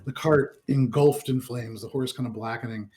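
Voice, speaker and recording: A man serves as game master, describing a burning town at a tabletop game. His voice sits at an ordinary middle pitch. He narrates loosely, with frequent ums and kind ofs. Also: fairly even intonation, normal speed, warm tone. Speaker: dungeon master.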